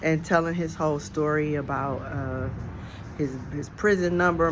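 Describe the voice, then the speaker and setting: Speaking at a normal speed in a steady, mid-range voice, a storyteller vlogger recounts something that really happened, keeping it casual, reflective and full of slang. It's captured on a handheld phone out on a porch. Background noise comes through.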